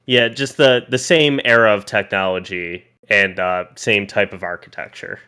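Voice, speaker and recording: Guy running a tabletop game, kinda low but bright clear voice, lots of restarts. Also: steady tone. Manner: restarts and pauses while describing scenes. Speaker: game master.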